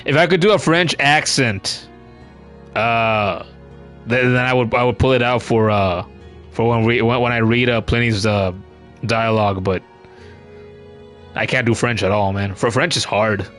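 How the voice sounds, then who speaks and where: A man's voice: medium pitch, unhurried, long pauses, a bit bright, faint music behind. A man giving casual, chatty commentary while streaming a game, cursing now and then and reading chat comments aloud.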